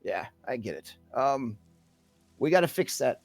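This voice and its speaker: A man's voice: medium pitch, big pitch swings, unhurried, no room sound, soft background music, voice pushed up. A man voicing an earnest town official woman. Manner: earnest, repetitive, persuasive.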